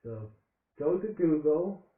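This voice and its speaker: A man reads slowly, stumbling over words and muttering asides to himself. His voice is fairly high and jumps around a lot in pitch. It comes through thin and phone-like from an echoey room. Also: animated. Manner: halting, stumbling reading with muttered comments. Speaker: story reader. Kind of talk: casual reading aloud with asides.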